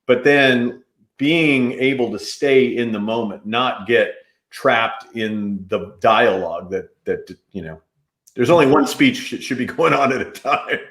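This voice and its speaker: A man's voice: mid-range voice, unhurried. A man hosting an interview, talking loosely and energetically, often jumping in. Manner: energetic, jumps in, loose and chatty. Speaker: podcast host. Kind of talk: casual interview chat. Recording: roomy echo.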